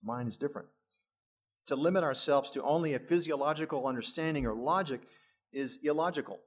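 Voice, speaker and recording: A man's voice: a little high, fairly quick. A middle-aged male pastor preaching a sermon, lifting his voice for emphasis and adding chuckling asides.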